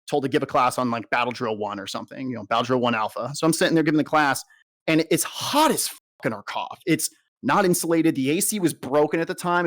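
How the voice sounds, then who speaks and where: A young adult man, a soldier, giving a blunt and heavily profane personal account in an interview. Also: fairly high pitch.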